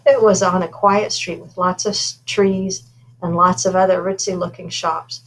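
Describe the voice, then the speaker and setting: A woman's voice: on the low side, steady tone, moderate pace, poor audio. Woman reading a children's book aloud. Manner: informal, with asides about her own slips. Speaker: reader.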